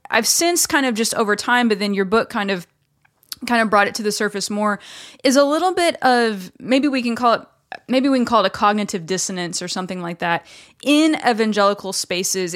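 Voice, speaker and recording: A woman hosts a podcast interview in a middle-pitched, everyday voice. She talks conversationally and builds her questions slowly, circling as she looks for the right words. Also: fairly bright tone. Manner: conversational, rambling, searching for words. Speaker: podcast host.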